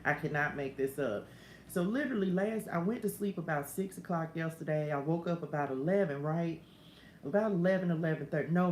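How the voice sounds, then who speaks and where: A woman's voice: deep voice, darkish tone, slight background noise. A middle-aged woman hosting a casual morning spiritual livestream, talking in a chatty way, laughing often and drifting into side stories over a phone stream. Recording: roomy room with faint ambience.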